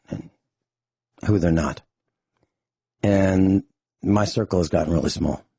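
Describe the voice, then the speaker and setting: A hoarse man hosting talk radio, his very low, dark voice worn rough from days of talking. He sounds out of breath, blunt and angry as he delivers his monologue. The recording is close and dry. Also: no room sound. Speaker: radio show host.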